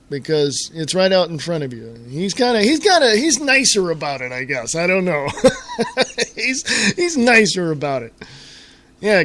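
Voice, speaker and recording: Middle-aged man, American, internet radio host, fairly high-pitched, ranting, exasperated, stumbles and repeats himself. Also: a bit bright. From United States. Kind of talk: solo internet radio talk.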